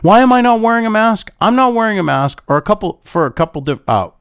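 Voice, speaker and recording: A man's voice: sits high, very animated, fast talker, a bit bright, smooth, dry recording, studio quality. A man hosting political commentary, reading through an article and ranting with profanity and sarcasm.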